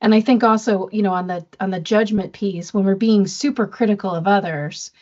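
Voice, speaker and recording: A woman at mid pitch hosts an interview, responding in an affirming, conversational way. Her audio comes through dull and slightly lo-fi. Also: fairly even intonation, brisk, darkish tone. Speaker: podcast host. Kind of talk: casual interview chat.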